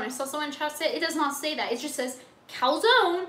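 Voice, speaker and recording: Young woman streamer ranting about stuff, high voice, swears a lot, sarcastic, kinda echoey room. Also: a little fast, pushed and bright. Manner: exasperated, profane, sarcastic ranting. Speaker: livestreamer. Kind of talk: ranting livestream chat.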